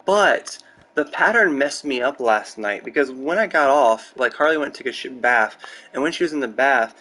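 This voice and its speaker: A young man chatting casually and candidly while building in a game, rambling through stories, excitable, close to his microphone. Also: mid-range voice, moderate pace, rough recording. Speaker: gaming streamer. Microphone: close desk mic.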